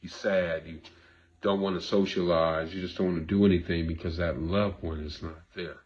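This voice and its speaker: A man's voice: deep voice, fairly even intonation, moderate pace, dull audio. A man hosting a talk show as a therapist, talking earnestly and repeating himself like a preacher, sometimes emotional. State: emotional, grieving. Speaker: therapist host. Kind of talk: casual monologue to camera.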